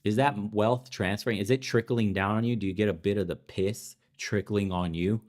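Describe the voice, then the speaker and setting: A man's voice: lowish voice, fairly even intonation, normal speed, a little mellow. A young adult man hosting a podcast, ranting in heated political commentary with sarcastic, profane, mocking asides. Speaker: podcast host.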